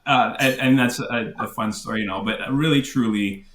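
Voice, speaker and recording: A man with an everyday mid-range voice talks in a relaxed, rambling way full of "you know" and "like." The sound is roomy with a clear echo and a faint hiss underneath. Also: mid-range voice, normal speed. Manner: easygoing, rambling, many fillers. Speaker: podcast guest, wedding photographer. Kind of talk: casual podcast chat.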